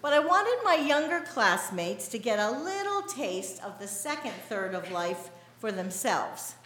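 A middle-aged American woman pastor preaching a sermon in a measured, deliberate way. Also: on the high side, very animated, fairly bright tone, echoey room. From United States.

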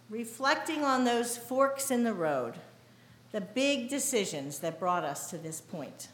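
A middle-aged American woman pastor preaching a sermon in a measured, deliberate way. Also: on the high side, fairly bright tone, echoey room, a little hiss or hum. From United States.

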